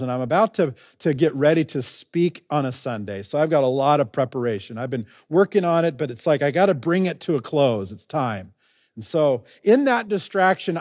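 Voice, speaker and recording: Brief: man preaching, casual and animated storyteller, dry close recording. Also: a little high, no echo. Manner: conversational, animated storytelling, acts out quoted dialogue. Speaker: pastor. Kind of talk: sermon with personal storytelling.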